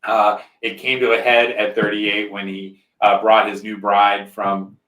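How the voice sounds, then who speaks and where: A man's voice: on the low side, flat delivery, measured pace, fairly bright tone, distant mic. A male podcast host telling a personal story in casual conversation, rambling a bit and often checking in with "right?". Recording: roomy echo.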